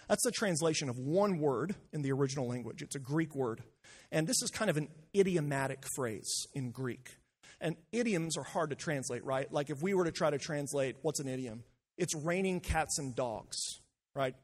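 Husky-voiced pastor preaching with rising passion. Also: male voice, fairly high pitch. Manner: earnest, building to impassioned peaks, with many restarts. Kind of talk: sermon.

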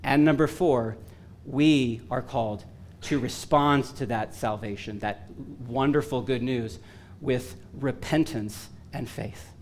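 A man preaching a sermon, earnest and emphatic with touches of self-deprecating humor, his voice going hoarse. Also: mid-range voice, slow, slight background noise. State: losing his voice.

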